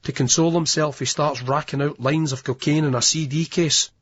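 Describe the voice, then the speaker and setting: A man narrating an audiobook in a steady storytelling manner, in a dull lo-fi recording. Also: fairly high pitch, a little fast. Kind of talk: scripted narration.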